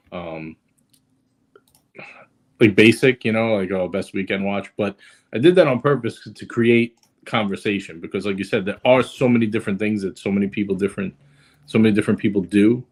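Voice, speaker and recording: A man's voice: on the low side, normal speed. A man chatting casually on a livestream, hesitant, with many fillers and restarts. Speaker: guest on a watch livestream.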